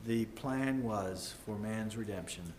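Male preacher, slow and earnest, rises loud then drops to a hush; echoey church room with faint background hum. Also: fairly low pitch. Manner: measured, earnest, with sudden swings between loud and hushed. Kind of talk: sermon.

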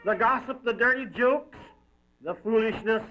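A man's voice: extremely high pitch, normal speed. A man giving an emphatic, dramatic reading of a moral story. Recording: dull lo-fi recording.

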